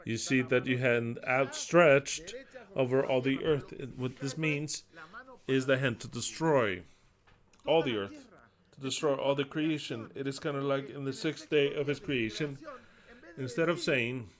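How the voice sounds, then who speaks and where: A man delivering a sermon in an average-pitched voice. He declaims scripture forcefully, then drops into quiet, explanatory asides. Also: unhurried. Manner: emphatic, swings between loud declaiming and quiet asides. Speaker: preacher.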